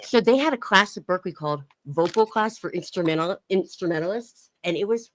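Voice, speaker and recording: A woman's voice: on the low side, lively intonation, fairly quick, no room sound. A young woman chatting casually on her live stream, reading chat messages aloud and laughing often.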